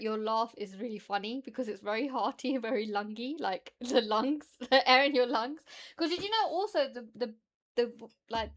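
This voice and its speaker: A woman's voice: on the high side, a bit bright. A British woman streamer chatting casually and rambling, laughing often as she reacts to her chat.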